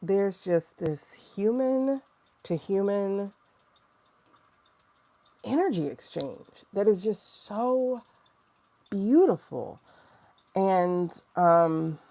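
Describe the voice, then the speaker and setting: A woman's voice: medium pitch, lively intonation, extremely slow, pauses often, warm tone. A woman in her forties hosting a livestream, chatting loosely and emotionally while reading tarot cards and answering viewer comments. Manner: chatty, rambling and emotional, reacting to chat comments. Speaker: tarot reader and livestream host.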